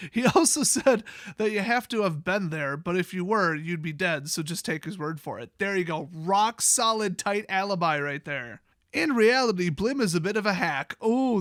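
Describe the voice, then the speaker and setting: A man's voice: high voice, a bit bright, dry recording, clean studio sound. A man with a Wisconsin accent, hosting a comedic review and reading passages aloud with sarcastic, joking asides. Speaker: YouTube host. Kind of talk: comedic card lore review.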